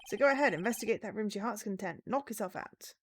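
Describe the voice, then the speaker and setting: A woman voicing a gruff, good-natured male police detective in a put-on Scottish accent, reading game dialogue aloud on stream. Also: mid-range voice, lively intonation, quick pace, slight background noise, voice pushed up, close to an everyday voice. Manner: blustering, calls people pal.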